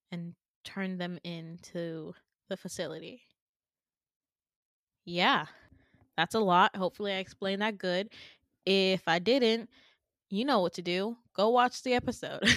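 A young woman hosting a podcast, retelling a dream in a casual, animated way with swearing and laughing asides. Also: fairly low pitch, no echo, studio quality. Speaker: podcast host. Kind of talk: casual storytelling.

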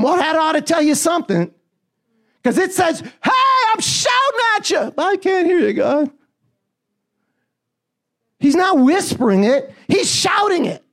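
A man preaching a sermon, reading scripture and urging the listeners on with repeated "come on" calls, often rising close to a shout. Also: very high voice, creaky. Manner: emphatic, call-and-response fillers, often rising to near-shouting.

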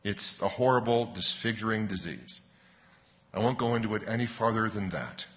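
A man with a fairly low but bright, forceful voice preaches an earnest sermon, explaining things patiently and leaning hard on the words that matter. His voice rings out with a long hall reverb around it, as from a church sanctuary. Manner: earnest, explanatory, with emphatic rises and slowed stresses. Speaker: pastor.

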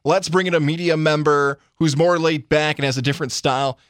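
A man's voice: fairly high pitch, steady tone, fairly quick, dry recording, clean studio sound. A man co-hosting a sports radio show, giving opinions in casual talk and mimicking imagined conversations.

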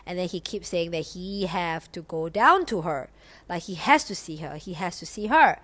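A woman's voice: fairly low pitch, moderate pace. Young woman, casual storyteller, lots of cursing and filler words. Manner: animated, heavy swearing, lots of "like".

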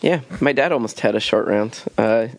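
A man's voice: on the low side, moderate pace, creaky, no echo. Rambling man telling a story. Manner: rambling storyteller, many restarts and fillers. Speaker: podcast co-host. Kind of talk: casual comedy chat.

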